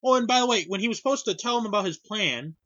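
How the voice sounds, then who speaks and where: A young man tells a rambling story with a high, bright voice, acting out quoted lines and swearing freely. The sound is dry and a little dull. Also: lively intonation, quick pace, dry recording. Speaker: podcast co-host recapping a reality cooking show. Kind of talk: casual chat.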